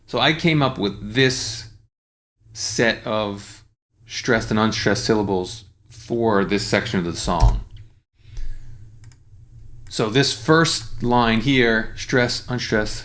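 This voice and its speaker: A man teaching lyric writing in a relaxed, explanatory way, with frequent fillers and restarts. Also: lowish voice. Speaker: songwriting teacher. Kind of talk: casual screen-share tutorial.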